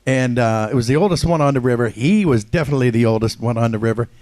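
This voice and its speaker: This older voice actor from Ohio talks quickly in a mid-range, slightly mellow voice, recorded dry. As a convention panel guest, he tells casual stories full of jokes, self-deprecation and laughter.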